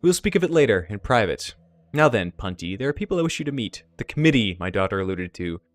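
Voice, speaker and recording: A man voicing a cold, wealthy corporate father who speaks formally and in measured tones. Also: lowish voice, big pitch swings, dry recording. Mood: icy.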